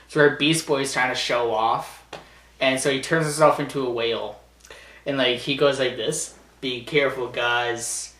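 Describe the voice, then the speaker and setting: A man's voice: mid-range voice, moderate pace, fairly bright tone. Rambling man in an echoey room. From Canada. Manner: rambling and enthusiastic, frequent stammered restarts. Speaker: vlogger. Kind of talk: casual chat, ranking TV shows. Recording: echoey room, mic at a distance.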